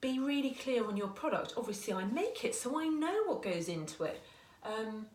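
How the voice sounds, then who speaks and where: A woman's voice: a little high, very animated, normal speed, a little mellow. A woman in her forties, a small business owner, giving earnest, chatty advice to camera and often restarting her sentences. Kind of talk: casual talking-to-camera advice. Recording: echoey room.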